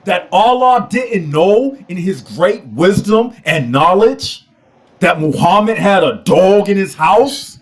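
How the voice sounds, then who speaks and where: A man preaching a mocking rant, firing rhetorical questions one after another. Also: sits high. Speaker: religion critic.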